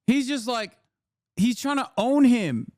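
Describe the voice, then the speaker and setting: A man's voice: extremely high pitch, takes it slowly, no room sound, studio quality. A man reacting to a clip on a live stream, ranting, swearing and laughing in mockery. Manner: animated, swearing, laughing, mocking.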